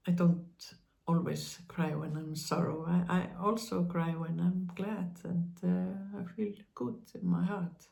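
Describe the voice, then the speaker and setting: Woman, spiritual channel host; slow, halting monologue, mellow and gravelly, gently reassuring. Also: fairly low pitch, flat delivery. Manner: slow, halting, with many pauses and fillers; speaks to listeners with tender reassurance.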